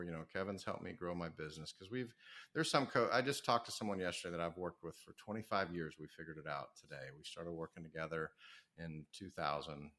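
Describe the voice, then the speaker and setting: Energetic middle-aged man with a low, bright voice. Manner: energetic, storytelling, self-promoting. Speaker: author and business coach. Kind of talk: podcast interview.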